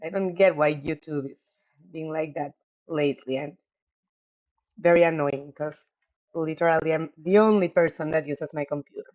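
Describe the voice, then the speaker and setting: A woman's voice: deep voice, moderate pace, darkish tone. Chatty woman game streamer, lo-fi mic. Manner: chatty, apologetic, laughs often. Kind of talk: casual live-stream chat.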